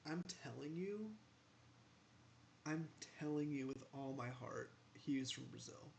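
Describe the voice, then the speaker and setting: A man's voice: medium pitch, measured pace, vocal fry, slight background noise. A man giving casual gameplay commentary as a gaming channel host, rambling in asides and talking back to the game.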